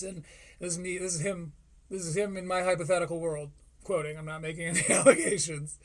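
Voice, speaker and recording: A man's voice: sits high, fairly even intonation, fairly quick. A man hosting a live stream, reacting to a comedy special with sarcastic, profane commentary. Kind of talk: casual commentary.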